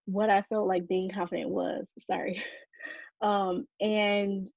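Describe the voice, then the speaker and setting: Southern woman guest in her twenties; husky, unhurried, earnest; dry, muffled sound. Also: medium pitch, little pitch movement, darkish tone, dry recording. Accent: Southern American. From American South. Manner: slow, thoughtful, earnest. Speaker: podcast guest. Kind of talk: interview answers.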